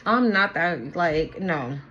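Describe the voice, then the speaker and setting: A woman's voice: on the low side, lively intonation, slow, fairly bright tone, highs cut off. A young woman giving a casual tarot reading, talking candidly, swearing freely and often repeating herself for emphasis. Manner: candid, chatty, swears freely, keeps checking in with "okay?". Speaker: tarot reader.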